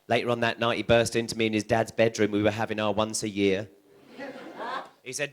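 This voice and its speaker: A man's voice: fairly low pitch, fairly even intonation, brisk. A man doing bawdy stand-up as a drag comedian in a live club, crude and brash with the crowd. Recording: live club recording with loud crowd and echo.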